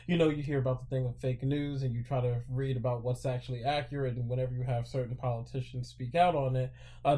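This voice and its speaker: A man's voice: medium pitch, dark tone. A man appearing as a podcast guest, rambling and hesitating with many fillers as he chats. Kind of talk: casual podcast chat.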